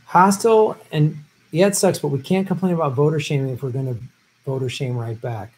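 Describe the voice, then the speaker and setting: A man's voice: on the high side, a little fast, darkish tone, poor audio. A man hosting a live stream, giving blunt, profane, opinionated commentary on election-night results.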